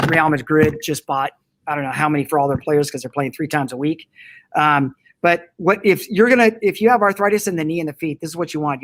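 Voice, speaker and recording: Male guest, eager and upbeat, pitched a bit high. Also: fairly bright tone, rough recording. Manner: enthusiastic, laughs often, many restarts. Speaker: guest, company founder. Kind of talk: casual interview. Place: indoor room with air conditioning.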